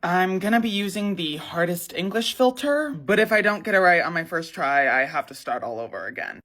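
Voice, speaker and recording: A young woman giving a fast, sassy, profane comedic rundown of the news. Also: fairly low pitch, lively intonation. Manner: shouted catchphrase intro.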